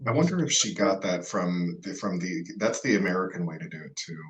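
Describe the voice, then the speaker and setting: A man's voice: sits low, expressive, fairly quick, low-quality recording. A man co-hosting a podcast, chatting casually and a bit self-consciously, often trailing off mid-thought. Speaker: podcast co-host. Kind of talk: casual chat.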